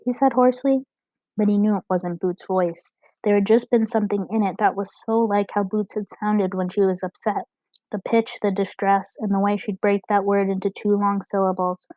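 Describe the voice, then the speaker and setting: A woman narrating an audiobook chapter in a steady, expressive reading. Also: medium pitch, normal speed, dry recording. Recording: dull, dry lo-fi recording.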